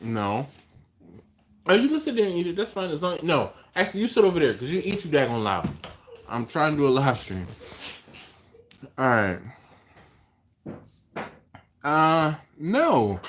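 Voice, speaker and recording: A man's voice: a little high, sing-song, unhurried, pauses often, a bit bright. A man with an American accent hosting a casual live stream from a home kitchen, teasing his co-host and reading viewer comments aloud.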